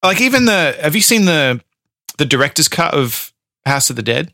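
A man co-hosting a podcast in casual chat, animated, laughing often and swearing freely. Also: on the high side, normal speed, no room sound, clean studio sound. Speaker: podcast co-host.

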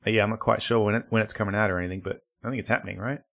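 A man's voice: fairly low pitch, steady tone, racing, gravelly, fairly bright tone. A man in his thirties co-hosting a casual podcast chat, swearing freely and laughing easily. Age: 30s. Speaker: podcast co-host.

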